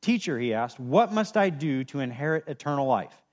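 A man's voice: mid-range voice, sing-song, moderate pace. A man, a pastor giving a sermon in a casual, conversational way, doubling words for emphasis.

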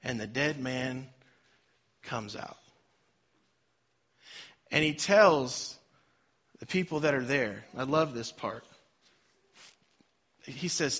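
A man, a pastor, preaching a sermon with dynamic swings between loud emphasis and soft, quiet lines. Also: medium pitch, expressive, slow pace, long pauses, slightly rough, highs cut off.

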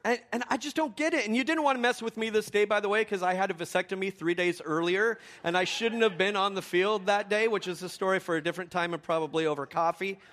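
Male pastor, middle-aged, high-voiced, animated storytelling sermon with big swings in energy. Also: fast talker, hardly any pauses. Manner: animated storyteller, swinging from excited shouting to quiet intensity.

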